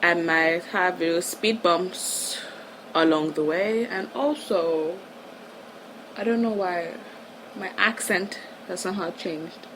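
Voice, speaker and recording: Fast-talking, giggly woman from Nigeria. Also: fairly low pitch, background noise. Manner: rambling, giggly, self-correcting, rushed; sometimes drops to hushed tones. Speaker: podcaster. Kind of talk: casual solo podcast monologue.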